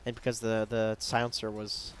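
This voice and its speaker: A man's voice: lowish voice, monotone, normal speed, background noise. A man with a Canadian accent doing live game commentary in a laid-back, bantering way. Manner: laid-back banter, calls people dude. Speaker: esports caster.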